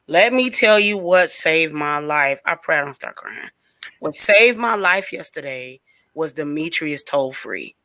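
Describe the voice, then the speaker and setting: A woman on a radio talk show, telling a long story in casual chat, rambling and animated with plenty of fillers. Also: fairly low pitch, dry recording.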